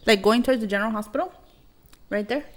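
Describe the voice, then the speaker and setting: A woman's voice: fairly high pitch, fast talker. A woman in her thirties, a podcast host, telling a personal story in casual chat, blunt and rambling with heavy swearing and many fillers.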